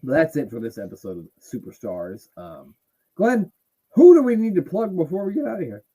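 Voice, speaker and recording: Husky-voiced joking podcast host man. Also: on the high side, big pitch swings, a little fast, mellow, poor audio. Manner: joking, profane, riffs in funny voices. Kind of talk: casual chat.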